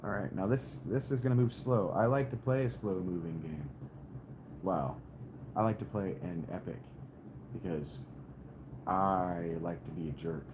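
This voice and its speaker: A man streaming a strategy game, talking to himself in rambling, jokey commentary with sudden squeaky jumps and a hammed-up hick drawl. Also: normal speed, background noise. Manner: playfully hamming a hick drawl. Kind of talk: casual live-stream commentary.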